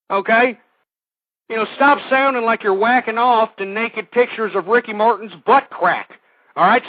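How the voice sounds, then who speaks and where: This man's voice sits high, with no room sound around it. He's a radio host taking calls and ranting in a crude, combative, repetitive manner, all captured in dry, tinny audio that resembles a phone.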